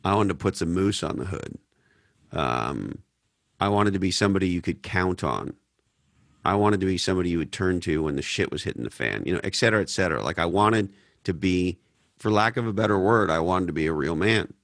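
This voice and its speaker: Low gravelly guy from canada hosting a podcast, blunt and swears a lot, dry close sound. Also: lively intonation, a little fast, a bit bright, no echo. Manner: blunt, profane, storytelling. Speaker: podcast host. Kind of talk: casual Q&A talk.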